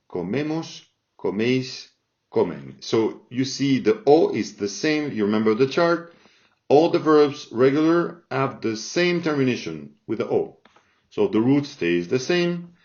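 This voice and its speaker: A Spanish teacher with a mellow mid-range voice slowly explains grammar from a chart, repeating the forms and checking in with "all right?". The recording has a dull, lo-fi sound.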